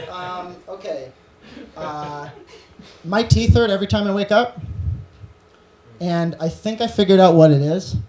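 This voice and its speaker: A man's voice: high-pitched, measured pace, pauses often, darkish tone. A male stand-up comedian on stage, rambling through absurd bits and laughing at his own jokes.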